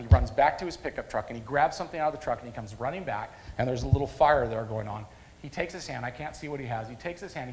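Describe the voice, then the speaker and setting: A man preaching a sermon at a church service, a lively storyteller who repeats phrases for emphasis. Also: medium pitch. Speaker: pastor.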